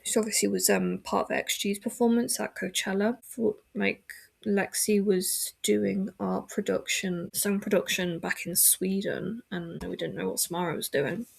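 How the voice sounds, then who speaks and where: A woman's voice: mid-range voice, steady tone, moderate pace, creaky, husky. A woman hosting a podcast from a room at home, chatting casually and rambling with lots of filler words and self-corrections. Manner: frequent self-corrections and restarts. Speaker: podcast host. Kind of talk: casual chat.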